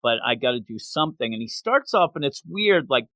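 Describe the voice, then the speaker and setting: There's no room sound as this man, mid-range in voice and brisk in pace, hosts a podcast. Chatting casually, he recaps a manga chapter and animatedly performs the characters in silly voices.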